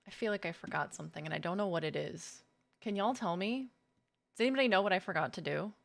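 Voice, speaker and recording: A woman's voice: on the low side, fast talker, gravelly. A woman streamer in casual live chat, playfully greeting viewers by name. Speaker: gaming streamer.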